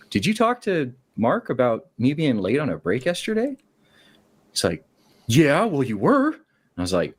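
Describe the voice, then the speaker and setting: A man with a fairly low voice tells a long story casually as a caller on a talk show. He acts out each quoted line with its own shifting voice and keeps the story moving. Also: a bit bright.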